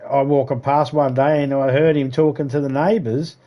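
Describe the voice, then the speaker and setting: A man's voice: medium pitch, steady tone, normal speed, dull audio. An Australian man on a livestream telling rambling stories in a profane, sarcastic, casual way. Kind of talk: casual storytelling chat.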